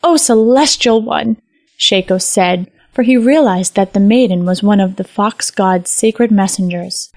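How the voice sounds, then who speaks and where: Woman narrator, lyrical fairy-tale reading, mid pitch, dry recording. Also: fairly even intonation, dry recording. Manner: measured, lyrical storytelling. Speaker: storyteller. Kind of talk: scripted narration.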